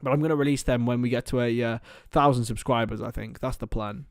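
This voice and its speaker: A man's voice: a little high, quick pace, few pauses, clear, resonant tone, dry recording, clean studio sound. A young man hosting a casual football watchalong stream, joking and chatting to viewers as lads. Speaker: livestream host.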